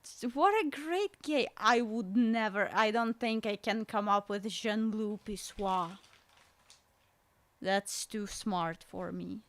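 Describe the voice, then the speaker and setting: A woman's voice: mid-range voice, takes it slowly. A woman streaming a game, giving casual, amused commentary. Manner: amused, giggly.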